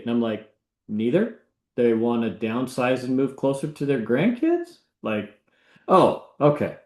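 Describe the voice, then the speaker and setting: A man who works as a real estate agent, telling a story in a casual, animated way and acting out the people he quotes. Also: medium pitch, a little slow. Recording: echoey room.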